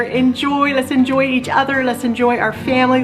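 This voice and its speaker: A grandmotherly woman in her sixties chats through her grocery haul with a slightly high, homey voice. She rambles along with fillers and restarts, sounding a little out of breath. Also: level tone, moderate pace, hardly any pauses, music in the background. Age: 60s. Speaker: vlog host. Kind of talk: casual grocery haul chat.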